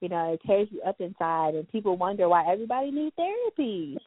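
A woman's voice: mid-range voice, animated, fast talker. A woman hosting a casual chat, often affirming her guest and adding her own views. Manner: affirming, echoes agreement. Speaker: podcast host. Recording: tinny phone-like sound, dry.

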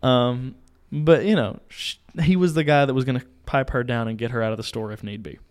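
A young man, a podcast co-host, casually telling a story in a small home studio, animated, acting out voices and laughing. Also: medium pitch, a little fast, smooth. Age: young adult.

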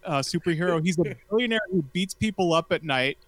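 A man's voice: fairly high pitch, lively intonation, a little fast, no echo. A man in a casual group chat making wry, joking asides.

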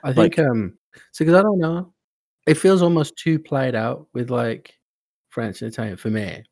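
A man's voice: mid-range voice, normal speed, vocal fry, a little mellow, no room sound. A young man in casual podcast chat, laid-back and offhand, swearing now and then. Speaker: podcast co-host.

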